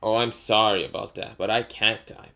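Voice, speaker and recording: A man voicing a cocky, ruthless young male ninja who taunts slowly in a casual fan retelling. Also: lowish voice, fairly even intonation, gravelly, sharp tone. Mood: cold.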